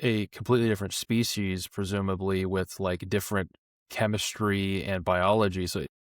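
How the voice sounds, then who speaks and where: A man's voice: sits low, little pitch movement, moderate pace, no room sound, studio quality. A man hosting a book club podcast, talking eagerly about a novel with lots of fillers. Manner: enthusiastic, filler-heavy. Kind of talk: casual book discussion.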